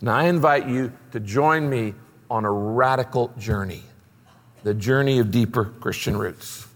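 A man preaching a sermon as pastor, telling stories with energy and leading a quiet prayer. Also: measured pace, in a large hall. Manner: animated storytelling, drops low and soft in prayer.

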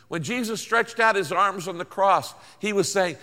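A man's voice: high-pitched, normal speed, sharp tone, long reverb tail. An older man preaching a sermon, folksy and emphatic, with lots of repetition. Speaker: pastor.

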